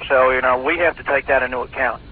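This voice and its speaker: A man's voice: medium pitch, steady tone, fast talker, slightly rough. A man posing as a phone operator in a prank call, rambling and hesitant with a mock-official tone. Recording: tinny phone line, faint hiss.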